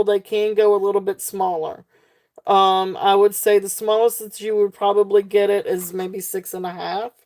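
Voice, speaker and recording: A woman's voice: mid-range voice, a little mellow. A woman hosting a casual live jewelry sale, chatty and laughing often, with many fillers and restarts. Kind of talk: casual live-stream sales chat.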